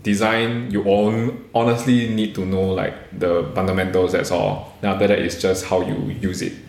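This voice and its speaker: A young Singaporean man talks in a casual, rambling way, full of fillers, restarts and blunt swearing. His voice sits fairly low. The sound is echoey, as if taken in a bare room. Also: little pitch movement, moderate pace, a little mellow. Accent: Singaporean English. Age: young adult. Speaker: podcast co-host. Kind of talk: casual chat.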